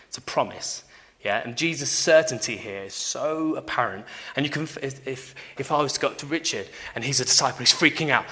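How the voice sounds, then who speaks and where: A young man giving an informal sermon in a conversational way, often checking in with listeners by asking "yeah?" and swinging between loud emphasis and quiet asides. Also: medium pitch, fairly quick. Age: young adult. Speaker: preacher.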